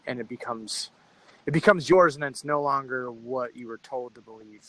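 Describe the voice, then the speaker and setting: A man's voice: medium pitch, moderate pace, pushed and bright, rough recording. A man hosting a podcast, asking thoughtful, loosely phrased interview questions. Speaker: podcast host.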